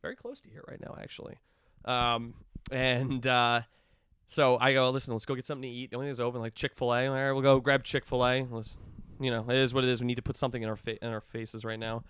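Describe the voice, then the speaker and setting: Man, thirties, quick talker, animated storyteller, dry close sound. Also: medium pitch, smooth, no room sound. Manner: animated, acts out quoted dialogue. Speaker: guest, clinic staff member. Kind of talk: casual storytelling.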